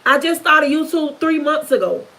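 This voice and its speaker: A woman's voice: high voice, lively intonation, normal speed, a bit bright, low-quality recording. A middle-aged woman, giving a fervent, preachy testimony on a livestream, repeating herself for emphasis. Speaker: YouTuber.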